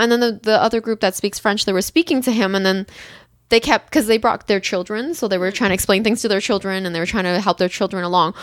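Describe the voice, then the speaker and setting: A woman's voice: fast, no room sound, studio quality. Chatty woman retelling a bad outing. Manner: animated, acts out quotes with rising pitch and laughs. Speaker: storyteller. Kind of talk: casual chat.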